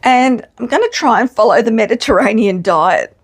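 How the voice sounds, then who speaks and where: Speaking at a normal pace in a slightly high, expressive, husky voice, a middle-aged woman vlogs casually to camera. She's candid, pokes fun at herself, and curses without restraint.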